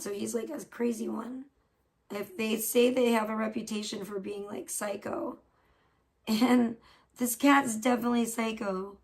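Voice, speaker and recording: A woman livestreaming from home in casual chat, gossiping and swearing freely while scolding her pet cat. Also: fairly high pitch. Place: at home indoors.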